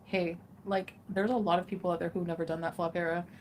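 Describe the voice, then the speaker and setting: A woman's voice: fairly low pitch, flat delivery, quick pace, a little mellow, a little hiss or hum. A woman, chatting casually on a livestream in a rambling, giggly way full of fillers. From Canada.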